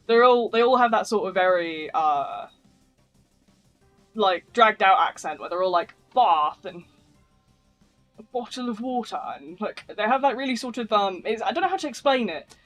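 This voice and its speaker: High-voiced northern English man, rambling chat. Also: fairly bright tone. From northern England. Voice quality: thick voice. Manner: rambling, chatty, slangy, swears casually. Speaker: game streamer. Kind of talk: casual live stream chat.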